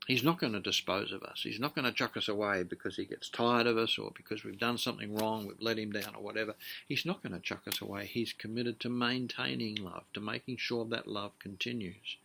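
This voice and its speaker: A man's voice: lowish voice, steady tone, a little fast, vocal fry, pushed and bright, a little hiss or hum. A middle-aged man preaching a sermon in an earnest, conversational way, often restarting his sentences. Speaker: pastor.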